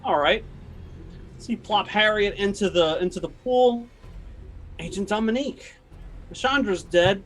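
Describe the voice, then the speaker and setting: A man running a tabletop horror game as game master, talking casually with many pauses and fillers. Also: sits high, fairly bright tone, poor audio. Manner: casual, halting, lots of fillers.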